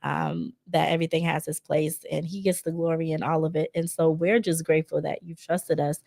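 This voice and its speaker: Chatty woman business owner, low voice. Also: little pitch movement, brisk, gravelly, darkish tone, dry recording. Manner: heartfelt, chatty, many fillers like "right?". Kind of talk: casual interview chat.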